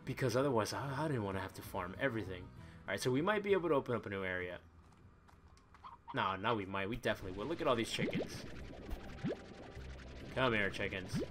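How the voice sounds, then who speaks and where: A man doing excitable, chatty commentary as he plays a video game, thinking aloud and exclaiming often. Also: fairly low pitch, brisk, pauses often. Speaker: let's play gamer. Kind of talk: live gaming commentary. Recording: voice over loud game music. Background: game music.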